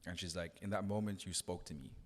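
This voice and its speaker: Man, low voice, long reverb, earnest storytelling. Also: steady tone, fast. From South Africa. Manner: earnest, reflective storytelling with frequent restarts. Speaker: radio DJ guest. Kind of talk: casual podcast conversation.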